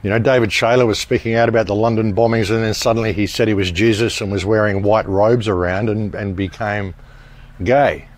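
An online commentator with a fairly low, steady voice speaks fairly quickly in a casual monologue to his viewers. He's emphatic and rambling, restarting sentences and circling back to his points.

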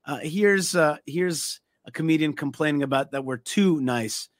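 Guy hosting a show, bit higher voice, stumbly chatty talk, dead dry mic. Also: moderate pace, no echo. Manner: chatty, with stammers and fillers. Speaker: host. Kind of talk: casual commentary.

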